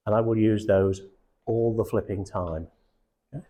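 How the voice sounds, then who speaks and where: In a live coaching session, a middle-aged sales coach with a fairly low, mellow voice talks a little fast to recruiters. He's blunt and casual, swears freely, and keeps checking in with his audience.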